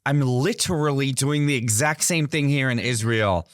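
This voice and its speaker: A man's voice: mid-range voice, normal speed, dry recording, clean studio sound. A man as a guest in an interview, telling his stories earnestly. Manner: earnest storyteller. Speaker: guest artist. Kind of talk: interview conversation.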